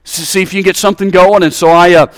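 A man's voice: fairly even intonation, fast talker, no echo, studio quality. A man from Alabama with a Southern American accent, preaching a sermon and calling out to the congregation with rising fervor. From Alabama, USA. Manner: rises to high-pitched fervent exhortation, calls out to congregation.

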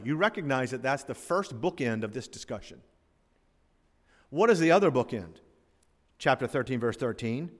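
A man preaching a sermon in a church, conversational and joking as he teaches. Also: mid-range voice. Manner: conversational preaching with asides and humor. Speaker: pastor. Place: church sanctuary. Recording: long hall reverb.

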